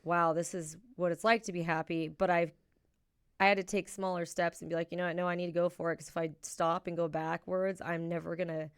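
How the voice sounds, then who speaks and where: Smooth-voiced woman telling animated stories. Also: lowish voice, a little fast. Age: young adult. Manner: animated storyteller who acts out quoted voices. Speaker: podcast co-host. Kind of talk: casual chat and storytelling.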